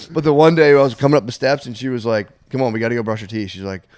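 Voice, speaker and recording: A man's voice: medium pitch, a little fast. A man in his thirties hosting a casual podcast, telling family stories with lots of laughter and acted-out voices. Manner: animated storyteller, laughs often, acts out voices. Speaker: podcast host. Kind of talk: casual chat.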